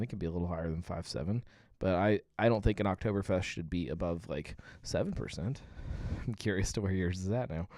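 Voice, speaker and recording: A man's voice: deep voice, darkish tone, dry recording, studio quality. A man hosting a casual live beer-tasting stream, rambling with many fillers and reading viewer comments aloud. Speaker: livestream host.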